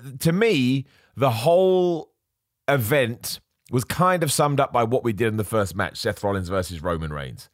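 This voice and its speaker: Lively man ranting casually. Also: lowish voice, no echo, clean studio sound. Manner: animated, self-correcting, mocks other voices. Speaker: podcast host. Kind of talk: casual wrestling opinion chat.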